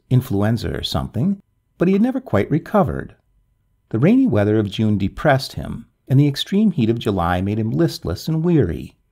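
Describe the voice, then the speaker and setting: A man reading a classic ghost story aloud, with dramatic storytelling and a gravelly, husky voice. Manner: dramatic storytelling with very lively swings in pitch. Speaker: narrator.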